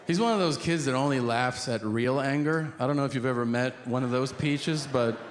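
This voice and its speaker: A middle-aged male comedian tells profane stories on stage at a mid pitch. He slips in and out of characters and launches into loud rants. Steady background noise sits under his voice, as in a live recording. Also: a little fast. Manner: profane, animated, acts out characters and yelling. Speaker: stand-up comedian. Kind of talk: stand-up comedy storytelling.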